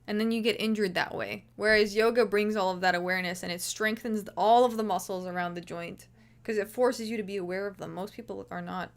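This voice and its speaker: A woman's voice: medium pitch, steady tone, fairly quick. Woman streamer rambling along, casual chat, swears a lot, keeps restarting sentences. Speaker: livestream host. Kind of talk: casual livestream commentary.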